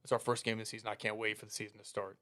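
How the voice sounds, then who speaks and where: A young man casually telling a story as a podcast co-host, animated and laughing through the punchlines as he acts out his coaches' lines. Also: lowish voice, rapid-fire.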